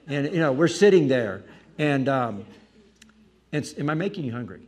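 A man, a preacher, telling a personal story in an animated way with self-mocking asides. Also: mid-range voice, normal speed. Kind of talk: anecdotal storytelling.

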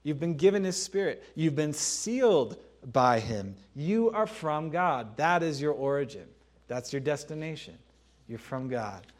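A man preaching a sermon in a conversational, emphatic way, repeating key phrases and pausing to clear his throat. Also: medium pitch, lively intonation, a little mellow. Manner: laughs and clears throat between points.

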